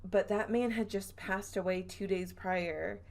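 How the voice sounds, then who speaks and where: A young woman from the southern United States retells a ghost story on her podcast, chatty and giggly, trailing off and correcting herself as she goes. Her mid-range voice is a little mellow, unhurried, with fairly even intonation.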